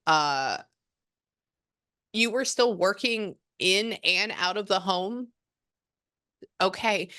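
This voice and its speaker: A woman's voice: mid-range voice, fairly bright tone. Chatty woman psychic medium. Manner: chatty, relays and quotes at length, trails off mid-thought. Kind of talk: casual reading session.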